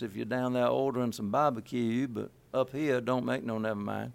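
A man's voice: a little fast, creaky, hardly any pauses. A man being interviewed, speaking plain general American with no regional accent, rambling with many restarts and fillers as he explains a point. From Kansas City area. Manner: animated, shifts pitch to illustrate points. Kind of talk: casual interview chat.

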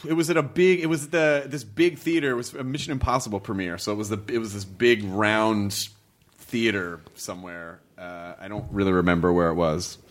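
A man's voice: fairly low pitch, steady tone, fairly quick. A man in casual podcast chat, a playful storyteller who laughs often. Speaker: podcast guest comedian.

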